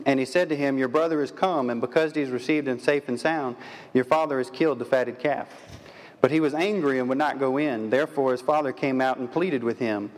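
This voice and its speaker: A pastor giving a sermon in a folksy, conversational way, throwing rhetorical questions at his listeners. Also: medium pitch. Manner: asks the audience many rhetorical questions. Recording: long reverb of a large hall.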